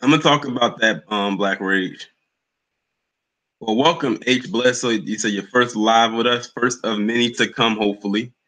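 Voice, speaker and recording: A man's voice: medium pitch, moderate pace, bright, forceful tone, low-quality recording. A young man hosting a livestream, chatting loosely and greeting commenters by name. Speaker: livestream host. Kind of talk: casual live chat with viewers.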